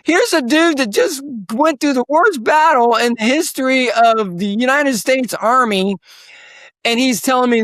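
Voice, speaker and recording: A combat veteran and speaker tells war stories as a podcast guest in storytelling interview talk, hammering key points and rising almost to shouts. His very high voice has lively intonation at normal speed, with clean studio sound and no echo.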